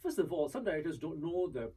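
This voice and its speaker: A man talks fast and animatedly, his voice sitting a bit high and swinging widely in pitch. His tone is husky, and he sounds somewhat distant from the mic. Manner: animated anecdotes with laughter. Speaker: guest, TV presenter. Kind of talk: casual chat, storytelling.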